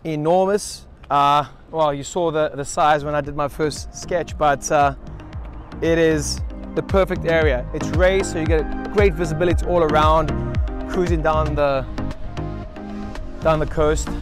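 A man's voice: a little high, fairly even intonation, unhurried, music in the background. A man hosting a casual yacht tour vlog, enthusiastic and loose, with fillers and praise words on board a yacht. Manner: loose, many fillers and restarts. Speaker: yacht charter vlogger host.

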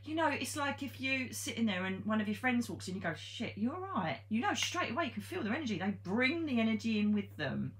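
A woman's voice: fairly high pitch, big pitch swings, brisk, hardly any pauses. A woman, a psychic medium telling a ghost story in a chatty, blunt way, with frank swearing and many ums. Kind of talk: casual storytelling monologue.

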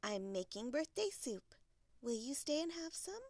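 A woman's voice: high voice, sing-song, unhurried, a little mellow, no room sound, voice pushed up, full character voice. A woman doing an eager little bear cub. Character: small eager young male bear cub. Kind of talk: storybook read-aloud.

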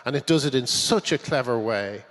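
A man from Britain, a guest comedy writer, talking on stage in a halting way with many restarts. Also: medium pitch, lively intonation, fairly bright tone. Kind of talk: onstage conversation. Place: conference stage. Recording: long conference-hall reverb.

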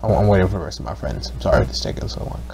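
A young man recording a casual voiceover for his gaming channel. He rambles, swears constantly, restarts his sentences and gets excitable. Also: low-pitched, racing, creaky, slight background noise.

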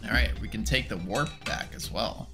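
A man's voice: lowish voice, animated, moderate pace, over music. A man giving casual, offhand commentary while playing a video game. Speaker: let's play host.

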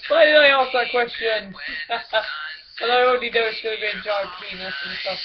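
A woman's voice: on the high side, brisk. A woman chatting casually over a video game, giggly, rambling and full of crude jokes. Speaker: gameplay commentator. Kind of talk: casual gaming commentary with friends. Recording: lo-fi recording with clear background music.

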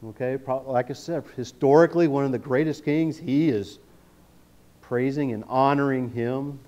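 A man giving a sermon in a church, reading scripture and explaining it in a relaxed, joking way, often checking in with the congregation. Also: medium pitch, normal speed, muffled recording. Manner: conversational, jokey, often checks in with "okay?". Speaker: guest preacher. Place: church sanctuary.

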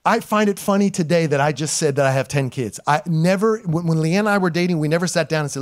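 A pastor in his forties preaching a sermon to his congregation, emphatic and animated, swinging from loud calls to hushed storytelling and laughing at himself. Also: a little high, a little fast. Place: church sanctuary.

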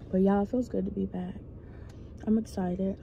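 A young woman chatting casually to viewers from her car, a little short of breath from an illness, telling animated stories. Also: mid-range voice, creaky. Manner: chatty, animated storytelling, addresses viewers as y'all. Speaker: vlogger who works with schoolchildren. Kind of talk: casual chat to camera. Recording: dull sound with loud car noise.

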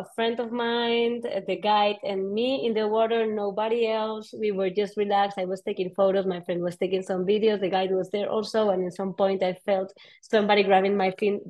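A woman underwater photographer telling dive stories in a lively, casual talk, laughing often. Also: medium pitch, poor audio. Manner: animated, laughs often, playful quoted voices. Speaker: underwater photographer giving a presentation.

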